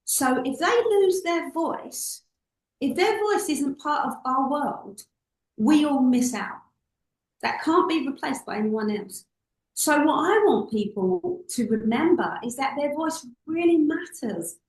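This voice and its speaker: Speaking slowly in a high-pitched voice, a woman guest on an interview shares stories from her work as a public speaking coach. She delivers them expressively, acting out the voices. The audio has a roomy quality and is roughly recorded.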